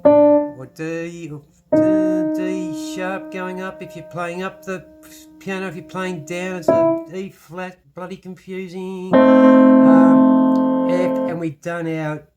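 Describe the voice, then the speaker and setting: A man's voice: high-pitched, level tone, slow pace, lo-fi sound. A man with an Irish accent teaching a casual piano lesson, chatty and self-deprecating, with many restarts. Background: piano playing.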